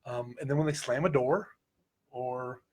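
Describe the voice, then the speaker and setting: Speaking unhurriedly in a steady, medium-pitched voice, a man with a Midwestern American accent joins a casual group chat on a show about paranormal investigation. He co-hosts and gives folksy, joking advice.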